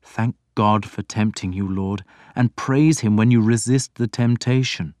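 Man voicing a gentle coaxing priest, slow, measured, dry close read. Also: on the low side, dry recording, natural voice. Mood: earnest. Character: soothing older male priest, earnest and coaxing.

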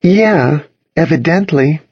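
A man's voice: fairly high pitch, normal speed, slightly rough, dry recording, dull audio, pitched above the performer's own voice. A man reading an audiobook, putting on the voice of a guarded, moody young woman with a cool, clipped manner.

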